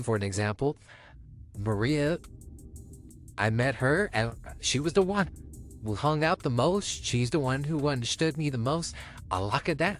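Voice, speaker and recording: A young man co-hosting a podcast, talking casually and easygoing about dating and his girlfriend. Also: mid-range voice. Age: young adult. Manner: easygoing, rambling with restarts. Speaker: podcast co-host.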